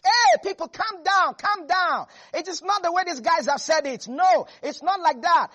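A preacher playing the biblical leader Caleb, a bold man calming a crowd in a raised, urgent, reassuring voice. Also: very high voice, normal speed, lo-fi sound, pitched above the performer's own voice.

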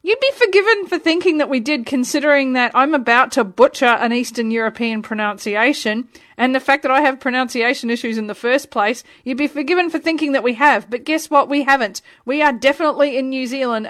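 A woman in her forties from Australia hosts her own radio music show from a room at home, chatty, playful and self-deprecating in a casual presenting style. Her voice is high and a bit bright, recorded with clean studio sound and no echo.

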